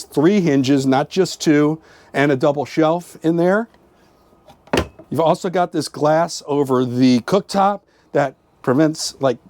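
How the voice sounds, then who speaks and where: A man's voice: fairly high pitch, darkish tone. Chatty man touring a motorhome. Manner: chatty, upbeat, points things out with frequent fillers. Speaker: RV travel vlogger giving a tour. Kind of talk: casual walkthrough tour. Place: inside a motorhome at an RV show.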